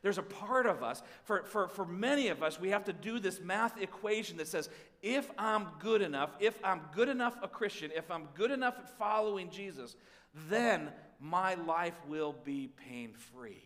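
Guy preaching, fairly high voice, big hall echo, goes from pleading loud to real quiet. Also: lively intonation, normal speed. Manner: voices prayers aloud, swings between pleading and hushed; repeats words and restarts often. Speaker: pastor. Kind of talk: sermon.

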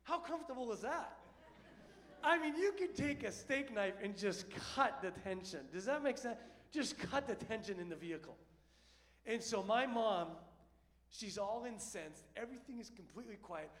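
High-voiced man telling a lively story. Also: moderate pace, in a large hall. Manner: lively, conversational, often checks in with the listener. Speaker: storyteller speaking to an audience. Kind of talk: animated personal storytelling.

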